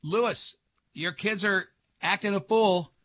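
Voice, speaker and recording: A man hosting a casual talk show, animated and teasing, doing impressions of his parents. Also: sits high, measured pace, dry recording, clean studio sound. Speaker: host. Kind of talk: casual chat.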